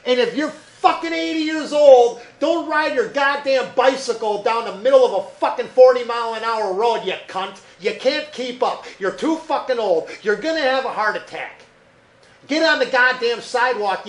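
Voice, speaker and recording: High-voiced man on a profane rant. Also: normal speed. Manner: profane, heated ranting with frequent swearing. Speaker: podcast host. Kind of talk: ranting podcast monologue.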